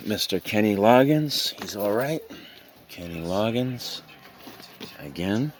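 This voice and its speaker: Low-voiced man musing over records. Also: slow pace, background noise. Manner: rambling, reads out album titles with deadpan joking asides. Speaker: reseller showing a record haul. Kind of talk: casual vlog commentary.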